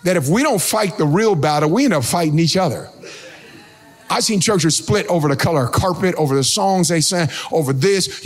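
A man preaching a sermon as pastor, animated, breaking into sing-song shouts and calling out to the congregation. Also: a little high, fast. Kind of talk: energetic sermon.

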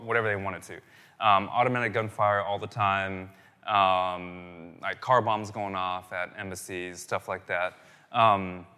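Man in his thirties, pastor, conversational sermon, bright forceful tone, long hall reverb. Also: fairly low pitch. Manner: animated, conversational, many restarts and fillers.

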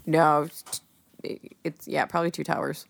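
A woman with a very low voice joins a film podcast as a guest and talks about favorites with enthusiasm. The sound is dry and close. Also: flat delivery, normal speed, vocal fry, dry recording. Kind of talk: casual film chat.

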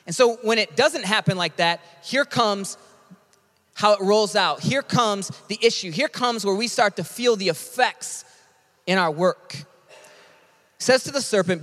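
A man preaching a sermon as a pastor, animated and conversational, with quick asides. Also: high voice, big-room sound.

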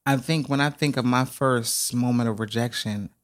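A man co-hosting a podcast, talking in an animated, dramatic and emotional way, close to tears at times. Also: medium pitch, normal speed, a little hiss or hum. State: tearful. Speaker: podcast co-host. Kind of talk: casual podcast chat.

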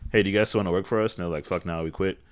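A man with a deep, low voice talks quickly through a casual movie discussion. He drops dry, wry comments between his co-host's riffs. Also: steady tone, clear, resonant tone. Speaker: podcast co-host. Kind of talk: casual movie review chat.

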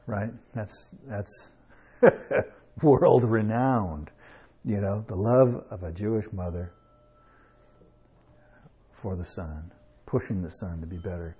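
A man preaching a sermon in a conversational way, with chuckles and slow emphatic pauses. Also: fairly low pitch, mellow, husky.

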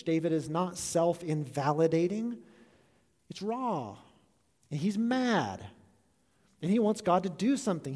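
A pastor preaching a sermon in a church, earnest and reflective, letting his voice drop soft at the ends of phrases. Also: high-pitched. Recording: long echo of a large hall.

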